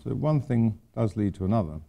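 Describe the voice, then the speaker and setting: Older guy rambling through a talk to students, dry jokes, gravelly and very dark tone. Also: fairly low pitch, expressive, fairly quick. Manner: rambling, wry, self-deprecating asides. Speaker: architect giving a lecture. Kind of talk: informal lecture to students. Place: lecture hall at a university.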